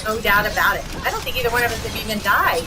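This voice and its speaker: A woman streaming a game live, chatting excitedly and squealing at wins. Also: a little high, rapid-fire. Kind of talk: live gameplay commentary. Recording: game music in the background. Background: music.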